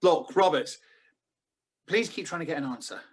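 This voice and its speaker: A man with a British accent playing a calm, serious paranormal expert who is relaying messages over the phone in a radio drama. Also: on the high side, normal speed, slightly rough. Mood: grave. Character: calm, grave male paranormal doctor. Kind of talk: amateur radio-play acting.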